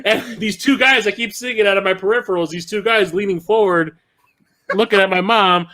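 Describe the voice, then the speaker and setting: A man's voice: high voice, a little fast, a crowd in the background. A man co-hosting a podcast, telling funny stories in casual chat, acting out quotes and laughing often. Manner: animated storyteller, acts out quotes, laughs often. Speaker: podcast co-host.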